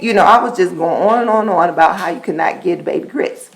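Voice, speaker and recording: A woman hosting a podcast, telling a casual personal story in an animated way, laughing often and repeating words for emphasis. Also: on the low side, quick pace, gravelly, hardly any pauses, low-quality recording. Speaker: podcast host.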